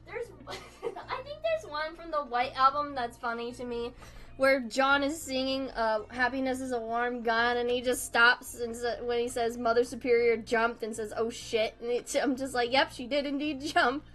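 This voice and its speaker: A young woman talks loosely while she doodles, drifting between thoughts with frequent giggles and casual swearing. Her voice sits a little high, with soft music playing faintly under her. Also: moderate pace. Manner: giggly, rambling, swears often. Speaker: art streamer. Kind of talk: casual chat while drawing.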